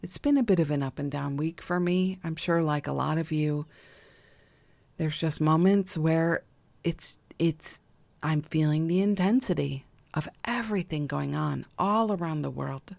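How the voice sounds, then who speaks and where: A woman hosting a gentle spiritual podcast, talking in a slow, soothing and affectionate way with soft laughs. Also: low voice, vocal fry, no echo. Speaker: podcast host and intuitive healer. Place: home room with window open.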